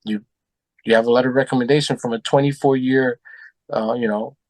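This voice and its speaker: A man telling animated stories in a casual podcast chat, acting out what people said and swearing freely. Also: medium pitch, fairly quick, no room sound. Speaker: podcast guest. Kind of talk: casual storytelling.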